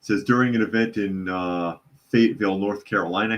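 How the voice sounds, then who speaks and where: A man's voice: low voice, steady tone, moderate pace, fairly bright tone. A man hosting a live news commentary podcast from home, chatting casually with sarcastic asides between reading articles. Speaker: podcast host. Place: hot home room with a loud computer fan.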